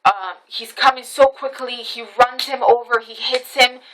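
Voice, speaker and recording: A woman's voice: on the high side, fairly even intonation, a little slow, a crowd in the background, poor audio. A woman recording a casual storytelling vlog on her camera phone, recounting events animatedly with many restarts, repetitions and swearing. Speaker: vlogger.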